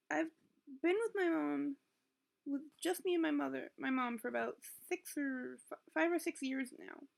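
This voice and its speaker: A young woman in her late teens with a high voice and a gravelly, fry-edged tone. She rambles into her computer's built-in webcam at home and keeps interrupting herself as she talks. Her throat is sore. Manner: rambling, self-interrupting, emotional. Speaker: vlogger. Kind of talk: confessional webcam vlog. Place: at home, indoors. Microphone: built-in computer webcam mic.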